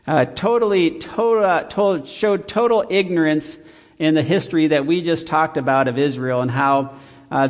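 Male Bible teacher, conversational sermon, fairly high voice, long hall reverb. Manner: conversational, rhetorical questions. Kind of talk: evening Bible study sermon.

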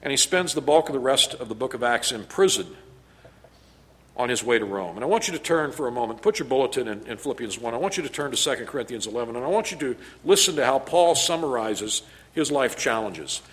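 Emphatic preaching man, bright voice. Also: mid-range voice, expressive, fast. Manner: emphatic preaching, rising and falling loudness. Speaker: pastor. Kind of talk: sermon.

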